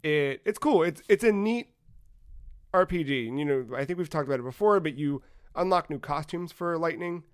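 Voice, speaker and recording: A man co-hosting a casual gaming podcast, retelling game scenes with lively acted-out dialogue and casual swearing. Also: on the high side, moderate pace, clear, resonant tone. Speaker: podcast co-host.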